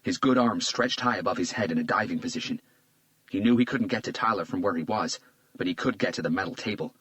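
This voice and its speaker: A man narrating a crime thriller audiobook in a measured, tense manner, also speaking the lead detective. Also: lowish voice, fairly bright tone, no room sound, rough recording.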